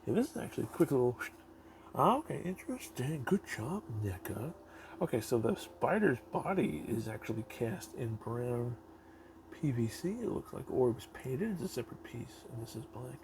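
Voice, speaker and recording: A man with a gravelly, creaky voice chats through a toy review in a rambling, offhand way, cursing casually as he goes. A steady hiss of background noise sits under the recording. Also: mid-range voice, moderate pace.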